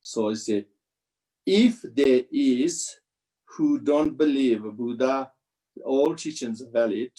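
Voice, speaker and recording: A man giving a Buddhist teaching commentary over a video call, speaking halting English with frequent restarts. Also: mid-range voice, dark tone, poor audio. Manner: slow, halting non-native English with restarts.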